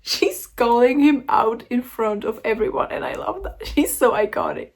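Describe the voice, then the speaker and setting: A young woman talking casually in a reading vlog, excitable and gushing, with frequent giggles. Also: a little high, moderate pace. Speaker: book vlogger.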